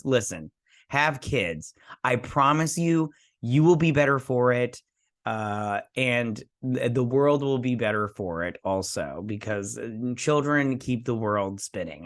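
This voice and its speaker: Male host, casual TV recap, rambling, acts out quotes, mid-pitched voice. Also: a bit bright. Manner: rambling, acts out dialogue with "she's like". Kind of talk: casual episode recap and review.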